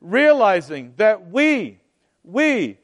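Slow, high-voiced male preacher. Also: sing-song. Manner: slow, emphatic preaching with repeated phrases. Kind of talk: sermon.

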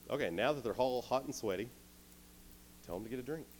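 A man voicing a calm divine figure who gives plain step-by-step orders, in a retold story from a youth sermon. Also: medium pitch, brisk, a little hiss or hum, natural voice. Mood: directive. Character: commanding divine voice, calm and directive.

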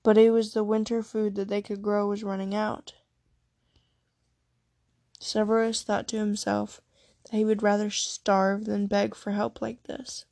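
Flat, gravelly woman storyteller. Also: mid-range voice, no room sound. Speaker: narrator. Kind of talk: reading fan fiction aloud.

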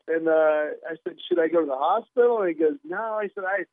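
Male comic guest, wry and lively storyteller, somewhat high voice, dry phone-line sound. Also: fast talker, few pauses, no echo. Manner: animated, wry storyteller who plays out dialogue. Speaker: comedian guest. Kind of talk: conversational storytelling.

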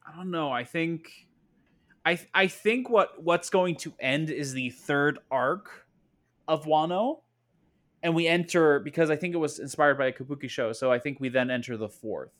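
A man's voice: a little high, moderate pace, fairly bright tone. A man co-hosting a casual podcast chat, enthusiastic and often correcting himself mid-sentence. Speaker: podcast co-host.

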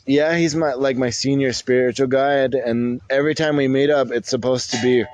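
A young man co-hosting a casual podcast, telling rambling stories with lots of halting restarts. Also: medium pitch, steady tone, darkish tone. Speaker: podcast co-host. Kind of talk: casual chat.

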